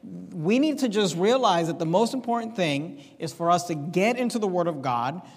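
A man's voice: sits high, lively intonation, moderate pace, breathy edge, in a large hall. A man preaching a sermon as pastor of his church, with an emphatic, repetitive cadence. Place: church sanctuary.

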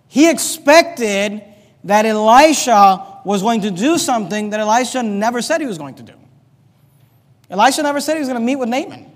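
A man preaching a sermon, his voice sitting unusually high as he reads scripture and acts out the quotes. The sound rings with the long reverb of a big church hall. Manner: animated preaching, reading scripture aloud, acting out quotes. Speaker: pastor.

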